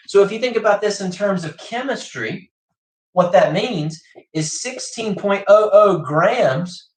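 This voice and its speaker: Chatty man teacher, fairly high voice, livestream lesson in an echoey room. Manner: chatty, keeps checking in with okay.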